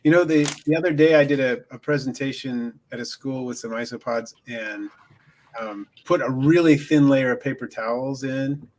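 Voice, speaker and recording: A man's voice: medium pitch, moderate pace, darkish tone. A man chatting casually on a livestream in an easygoing, hesitant way, often chuckling. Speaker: guest isopod keeper.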